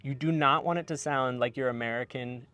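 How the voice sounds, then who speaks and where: A man teaches pronunciation in a relaxed, explanatory lesson. His voice sits at a middle pitch, and he drills sounds by repeating them with exaggeration. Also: a little fast. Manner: demonstrates sounds with exaggerated repetitions. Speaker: language teacher, host.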